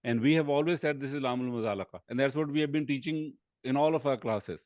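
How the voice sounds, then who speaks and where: A man's voice: mid-range voice, fast, a little mellow, no echo. Man teacher, explanatory, hesitant, frequent fillers, dry close sound. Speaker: Arabic grammar teacher. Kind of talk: online class discussion.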